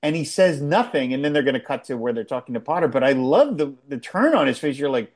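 A man in casual conversation, rambling and animated as he recaps a television episode, with frequent restarts. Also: medium pitch, fast, hardly any pauses. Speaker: podcast co-host. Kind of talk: casual chat.

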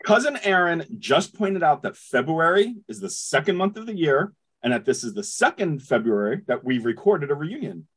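A man's voice: on the high side, very animated, moderate pace, hardly any pauses, a bit bright, slightly rough. A man co-hosting a podcast, with dry jokes and a read-out show introduction. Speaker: podcast co-host. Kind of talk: casual chat and read introduction.

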